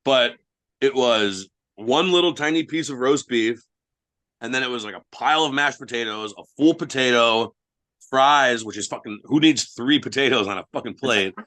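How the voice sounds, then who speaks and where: Young man, casual podcast guest, profane and blunt, bright tense tone. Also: mid-range voice, normal speed. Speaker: guest wrestler.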